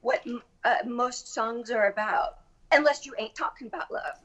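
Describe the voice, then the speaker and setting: A middle-aged woman from Massachusetts, a guest on a casual podcast, talking in a chatty, animated way and swearing casually. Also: fairly high pitch, normal speed, low-quality recording. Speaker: guest, actress. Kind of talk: casual chat. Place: Los Angeles.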